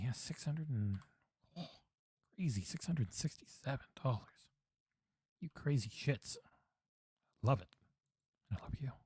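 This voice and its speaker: A man streaming a game for charity on a headset mic, chatting excitedly with viewers and swearing freely. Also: mid-range voice, slightly rough, no echo. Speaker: charity livestream gamer. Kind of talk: casual game-stream commentary. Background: game music.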